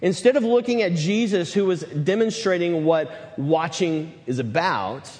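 A man preaching a sermon, swinging between loud emphatic build-ups and hushed lines. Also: sits high, animated, unhurried, long reverb tail. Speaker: pastor.

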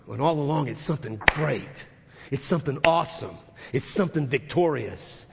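A man preaching a sermon as a pastor, retelling scripture with emphatic repetition and dropping to soft, intense moments. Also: medium pitch, lively intonation, moderate pace, creaky, very noisy. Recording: long reverb of a large hall.

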